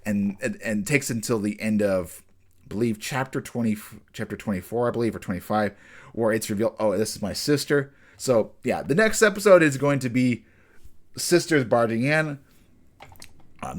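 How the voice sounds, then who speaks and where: A man's voice: lowish voice, animated. A man casually reviewing an anime episode. He rambles, restarts his sentences often and jumps in and out of characters' lines. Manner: rambling, with frequent restarts and fillers; acts out characters' lines in quick bursts.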